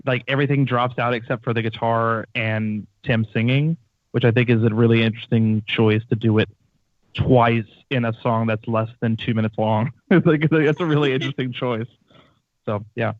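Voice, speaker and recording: A man's voice: mid-range voice, dry recording. A man co-hosting a podcast, chatting casually and enthusiastically, laughing easily. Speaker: podcast co-host. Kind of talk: casual chat. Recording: tinny phone-like line.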